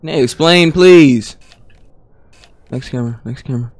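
A man's voice: mid-range voice, measured pace, no echo. A young man streaming a horror game, talking to himself and his chat in nervous, slangy bursts. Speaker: gaming streamer.

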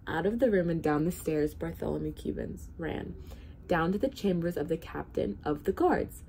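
Woman reading a storybook aloud, mellow. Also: low-pitched, normal speed, vocal fry, a little hiss or hum. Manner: expressive, steady reading. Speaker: hospital volunteer reader.

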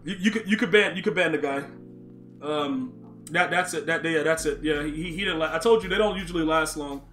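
A man's voice: fairly high pitch, brisk, fairly bright tone, faint music behind. A young man live-streaming a football video game, reacting to chat and play, often repeating himself. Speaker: gaming streamer.

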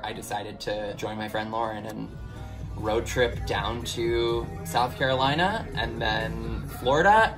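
A man's voice: mid-range voice, a bit bright. A young man talking casually to his camera as a vlogger, candid and rambling, with many filler words. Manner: candid and open.

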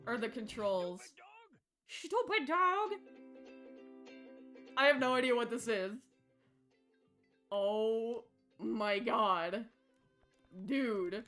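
Young woman streamer, high and bouncy voice, unhurried jokey chatter, shrieks when startled. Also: faint music behind. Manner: excitable, shrieks and laughs when startled, jokey self-talk. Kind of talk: live horror game commentary.

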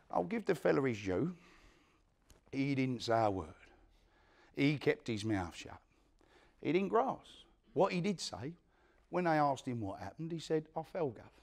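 An actor playing an older East London career criminal, telling a prison story in a one-man stage monologue with an East London accent. He swings between loud quoted lines and a low hush. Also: creaky, full character voice.

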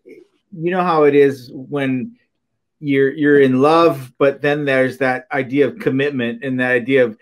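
An older man from Minnesota, a podcast guest, talking in a halting way with many fillers and soft laughs. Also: mid-range voice, fairly even intonation. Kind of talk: casual interview chat.

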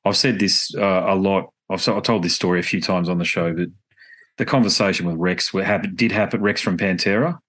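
A man's voice: low-pitched, steady tone, fairly quick, fairly bright tone. A man with an Australian accent, a podcast host chatting casually, rambling and candid, often correcting himself mid-sentence. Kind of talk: casual conversation.

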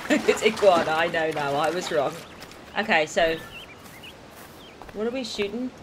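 A gaming streamer giving casual let's-play commentary, chatty, swearing, and full of quick asides. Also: medium pitch, animated. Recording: noisy game audio behind voice.

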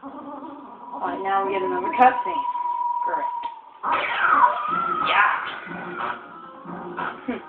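A gamer casually commentating while playing, rambling and hesitant with many pauses and ums. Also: female voice, medium pitch, animated. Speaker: let's play gamer. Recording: tinny phone-like capture in echoey room with game music.

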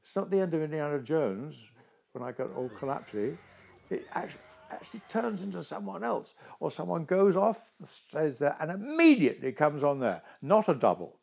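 A man's voice: fairly high pitch, moderate pace, creaky. An older man, an actor, talking in a casual interview and telling stories expressively. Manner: expressive, animated storytelling.

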